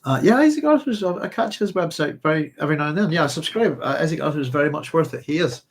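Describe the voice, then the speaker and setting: A man's voice: a little high, fast. A man hosting a live chat, rambling and hesitant as he reads out viewer comments. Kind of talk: casual live-stream chat.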